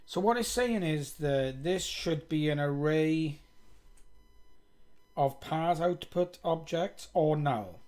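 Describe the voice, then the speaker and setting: A man's voice: on the high side, takes it slowly, darkish tone. A man streaming himself coding live, thinking aloud, reading code under his breath and poking fun at himself. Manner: muttering, self-mocking, reads code aloud.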